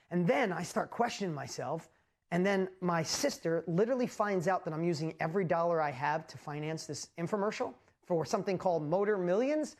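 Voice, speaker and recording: A man hosting a live motivational talk, telling his story with animated energy and lots of exclamations, and often asking the audience questions directly. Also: high-pitched, brisk. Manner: speaks straight to the audience with rhetorical questions. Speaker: host and motivational speaker.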